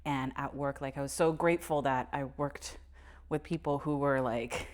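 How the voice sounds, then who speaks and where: A woman's voice: a bass voice, steady tone, normal speed. A young adult woman co-hosting a podcast, candidly telling a personal story with swearing and nervous laughter. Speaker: podcast co-host. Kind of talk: casual conversation.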